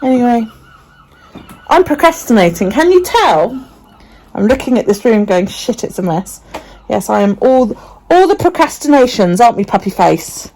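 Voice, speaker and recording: A woman's voice: fairly high pitch, big pitch swings, moderate pace, warm tone. A woman chatting casually in a home vlog, swearing freely and talking to her dog. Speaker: vlogger.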